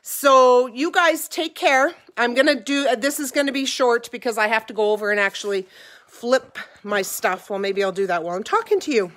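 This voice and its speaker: Speaking at a normal speed in a slightly bright, higher-pitched voice, a ranch owner talks to her vlog audience from her kitchen at home. The middle-aged woman rambles casually and sounds a bit teary.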